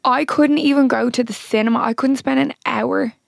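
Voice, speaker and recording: Wry Irish woman with vocal fry. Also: high voice, fairly even intonation, moderate pace, no echo, clean studio sound. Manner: wry, teasing humour. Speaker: podcast co-host. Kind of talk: casual chat.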